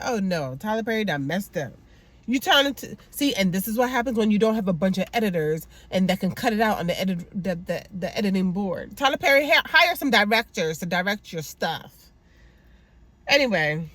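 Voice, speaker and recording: A woman's voice: mid-range voice, big pitch swings, normal speed. Woman, sassy TV recap host, exasperated asides, casual review.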